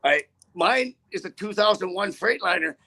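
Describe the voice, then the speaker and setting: A man's voice: sits high, animated, normal speed, vocal fry, bright, forceful tone. A middle-aged man who drives a truck, talking in a blunt, profane, rambling way with many restarts. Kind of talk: casual on-camera chat.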